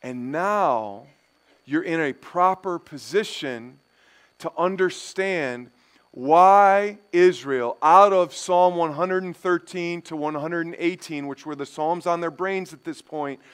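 A man pastor preaching a sermon, building from quiet stretches to loud, emphatic passages. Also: on the high side, slow pace, clean tone.

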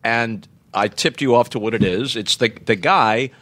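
A man guesting on a podcast, telling anecdotes in an animated storytelling manner. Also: medium pitch, moderate pace.

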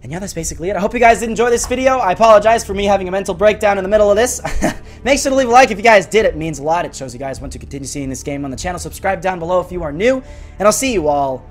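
A man with a slightly high voice narrates his gameplay as it happens. He is excitable, bursting into frustrated yelps and then dropping into low muttering. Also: rapid-fire, faint music behind. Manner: excitable, swings between frustrated outbursts and muttering. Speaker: gaming YouTuber. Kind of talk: live gameplay commentary.

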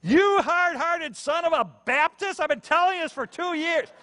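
A man voicing his exasperated wife scolding him in a high, drawn-out mock voice. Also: pushed and bright.

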